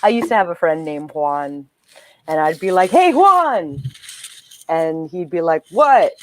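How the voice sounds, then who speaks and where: A woman with a fairly low voice joins as a guest author. She tells punning jokes in a playful, easy way. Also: normal speed, a little mellow. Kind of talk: casual chat.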